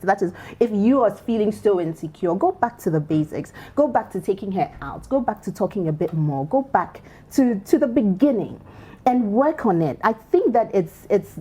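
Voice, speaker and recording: A woman co-host from Ghana giving playful, animated relationship advice on a casual panel talk show. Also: medium pitch, slightly rough. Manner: animated, playful, laughs while advising.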